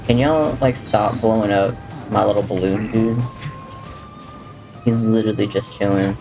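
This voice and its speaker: A man's voice: on the low side, fairly even intonation, normal speed, vocal fry. A man streaming a video game live, chatting casually with viewers, reading their messages and joking about the game as he plays. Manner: chatty, jokey, drifts between talking to chat and to the game. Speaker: livestreamer. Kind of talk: casual gameplay commentary, reading chat. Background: faint game music.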